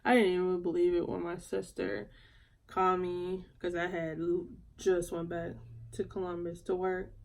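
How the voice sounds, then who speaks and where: A woman, chatting casually while doing her makeup for a vlog, soft-spoken and halting as she talks through grief. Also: fairly low pitch, flat delivery, gravelly. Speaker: beauty vlogger. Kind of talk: casual get-ready-with-me chat.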